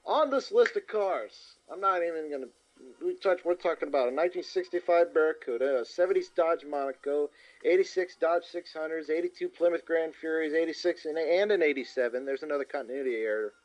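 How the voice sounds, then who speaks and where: Man with a slightly high voice on a lo-fi podcast mic. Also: a little fast. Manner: relaxed, rattles off car lists, chuckles. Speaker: podcast co-host. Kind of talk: casual movie podcast chat. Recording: dull lo-fi mic with faint music.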